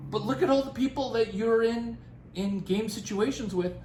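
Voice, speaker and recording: A man giving career advice in a rambling, animated casual talk, often laughing and restarting his sentences. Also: very high voice, normal speed, echoey room, slight background noise, poor audio.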